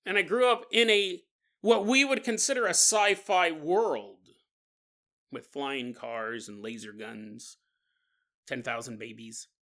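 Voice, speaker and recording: A man's voice: fairly high pitch, slow pace, bright, forceful tone. A man hosting a podcast alone, talking casually and playfully, often laughing at his own jokes. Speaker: podcast host. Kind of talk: casual monologue.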